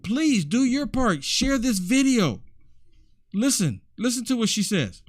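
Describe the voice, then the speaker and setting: A man's voice: very high voice, very animated, a little slow, dry recording, studio quality. A man hosting a commentary video, preachy and exclamatory, often repeating himself as he reacts to clips. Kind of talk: indignant commentary over clips.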